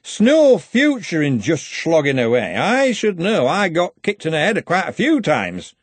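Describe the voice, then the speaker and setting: A man voicing a drunk, coarse male footballer with slurred, loud speech. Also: on the high side, wildly swooping pitch, measured pace, breathy edge, no echo, voice pushed up, heavily acted. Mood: drunken.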